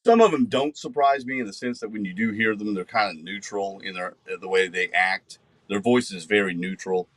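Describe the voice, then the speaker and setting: A man, co-hosting a podcast in animated, emphatic casual chat. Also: fairly low pitch, moderate pace, hardly any pauses, no echo. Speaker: podcast co-host.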